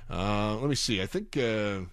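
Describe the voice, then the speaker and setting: A man commenting on news clips in a mocking, exasperated way, switching between quiet mumbles and sudden outbursts. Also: fairly low pitch, measured pace, clean tone, dry recording, clean studio sound. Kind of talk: sarcastic reaction commentary.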